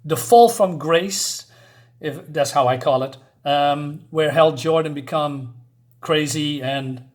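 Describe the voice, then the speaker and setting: Casual male comic reviewer, rambling with lots of ums, voice a bit high. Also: slow pace. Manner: rambling, many fillers.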